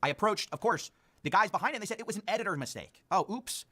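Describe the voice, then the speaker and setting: Rapid sarcastic drama recap guy-or-gal, bright sharp voice, pitch bounces all over. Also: expressive. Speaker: online news commentator. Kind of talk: commentary video, played back.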